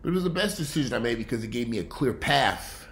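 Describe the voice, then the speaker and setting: A man's voice: medium pitch, animated, quick pace, fairly bright tone. A man vlogging from home in casual commentary, blunt and profane. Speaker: vlogger commenting on a news story.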